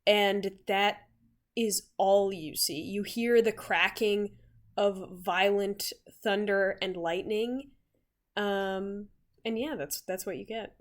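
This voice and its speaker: A woman running a tabletop role-playing game as game master, narrating scenes slowly with many fillers. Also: mid-range voice, steady tone. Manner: unhurried, filler-heavy narration.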